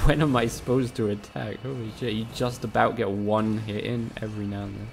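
A man with a low, gravelly voice streams a game and talks to his chat. He swears often and jokes sarcastically. A faint hiss of noise sits under the recording. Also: steady tone, fairly quick. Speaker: gaming streamer. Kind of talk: casual live-stream commentary.

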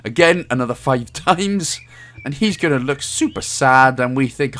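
A man's voice: medium pitch, animated, normal speed, a bit bright. A Welsh man talking casually through a game walkthrough, joking and chuckling at his own asides.

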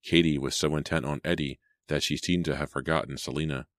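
A man with an extremely deep voice narrates a suspense audiobook in a measured, steady manner. The recording is dry and close, with no room sound. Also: no echo. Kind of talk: dramatic audiobook reading.

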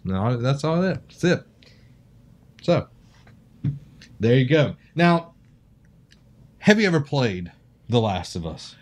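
A man's voice: mid-range voice, very animated, takes it slowly, pauses often. A man co-hosting a casual podcast, joking around and reading ad copy loosely. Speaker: podcast co-host.

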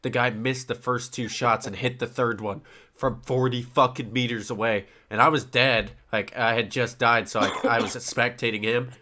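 A podcast host from the United States tells stories in an animated way, with plenty of swearing. His voice is bright and forceful, and his pitch sits in the middle. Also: moderate pace. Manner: animated storytelling, swears freely. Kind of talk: casual podcast chat.

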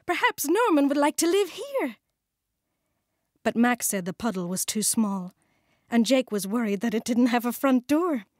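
A British woman narrating a children's storybook, warm and clearly enunciated. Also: mid-range voice, no echo, clean studio sound. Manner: warm, slow, clearly enunciated, sing-song. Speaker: audiobook narrator.

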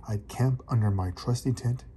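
A man's voice: medium pitch, moderate pace, dark tone, slight background noise, lightly acted. A man voicing a polite cat who studies plants and camps, in a read-aloud storybook.

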